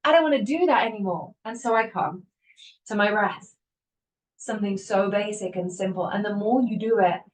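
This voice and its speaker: A woman hosting a self-help podcast, talking in an animated way, laughing often and acting out her inner voices. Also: medium pitch, normal speed. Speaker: podcast host. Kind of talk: motivational self-help talk. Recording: voice a bit distant from the mic.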